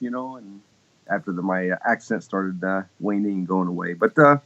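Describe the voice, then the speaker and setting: Low-voiced man telling rambling stories. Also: fairly quick, a bit bright. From Texas, US. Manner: rambling, chuckling, many restarts. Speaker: guest keyboardist. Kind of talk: casual interview storytelling. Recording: slightly muffled lo-fi audio.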